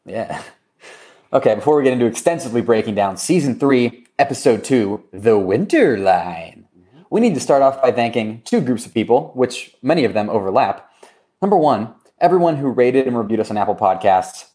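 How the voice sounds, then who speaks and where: A man co-hosting a casual podcast, joking around while he reads reviews and runs through shout-outs and giveaways. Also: medium pitch, expressive, normal speed. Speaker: podcast co-host. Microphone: remote recording.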